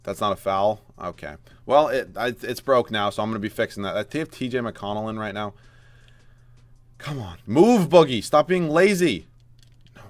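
A man commentating his own basketball video game as he plays, swearing, groaning and yelling at bad plays. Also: on the low side, dry recording. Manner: frustrated, loud outbursts at the game. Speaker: gaming YouTuber. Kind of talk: live gameplay commentary.

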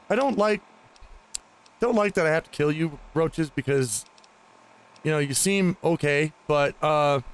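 A man giving casual, rambling commentary on his own gameplay, chatting aloud to the enemies he fights. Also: high-pitched. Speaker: gaming host.

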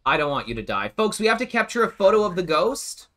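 A man streaming a ghost-hunting game, talking excitably with teammates and viewers. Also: high-pitched, quick pace. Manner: animated, excitable, addresses viewers. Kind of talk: live gameplay commentary.

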